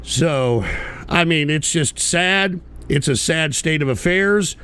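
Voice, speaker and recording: A man's voice: a little high, lively intonation, slow pace, noisy background. Bitter, profane man ranting on a livestream. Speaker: host of an online political show. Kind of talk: livestream rant.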